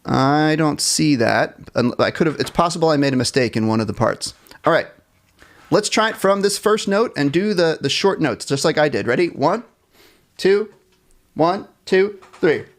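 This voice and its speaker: A man's voice: on the high side, animated, moderate pace. A man teaching a live online jazz band class from his computer. He counts the band in, scats the melody lines and laughs off his own small mistakes, friendly and encouraging. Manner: self-deprecating about small mistakes. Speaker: music teacher.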